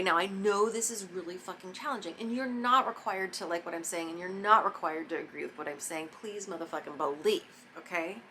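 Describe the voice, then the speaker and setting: A woman giving a casual, profane motivational monologue about forgiveness, emphatic and spontaneous, sometimes dropping into soft mock whispers. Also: medium pitch, slight background noise. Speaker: spiritual self-help vlogger.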